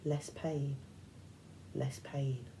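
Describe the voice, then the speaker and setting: A woman voicing a soothing old female monster posing as a kindly grandmother, with a soft, coaxing purr. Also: rumbling low, steady tone, drawn-out words, slight background noise, heavily acted, poor audio. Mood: soothing menace.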